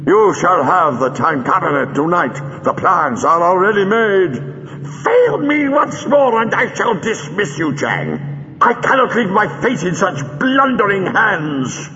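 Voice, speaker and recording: A man doing a shrill, raging wasted villain. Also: sing-song, unhurried, pushed and bright, big-room sound, muffled recording, heavily acted. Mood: menacing. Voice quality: shrill screaming rage, contemptuous. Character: withered, raging male villain draining life to survive.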